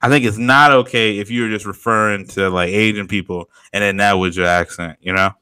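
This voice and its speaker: A young man co-hosting a podcast, animated and slangy, laughing often in casual banter. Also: fairly low pitch, a little fast, clean tone, no echo. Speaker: podcast co-host.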